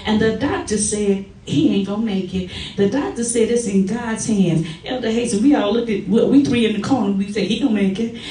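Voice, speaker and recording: A middle-aged woman giving a personal testimony at a church service, telling stories in a lively way and acting out the quotes. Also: mid-range voice, fairly quick, few pauses. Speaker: church member giving a tribute. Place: church sanctuary. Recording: echoey church from far off.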